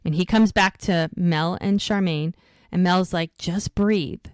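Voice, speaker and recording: A woman's voice: fairly low pitch, a little slow, clear, resonant tone, no room sound. A woman co-hosting a podcast, casually recapping an episode and acting out the characters' lines as she goes. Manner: animated retelling, acts out quoted lines.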